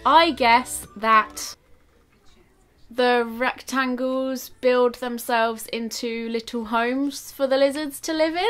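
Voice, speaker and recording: A woman YouTuber reading a children's book aloud with commentary, animated and giggly, gasping at the pictures. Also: sits high, measured pace.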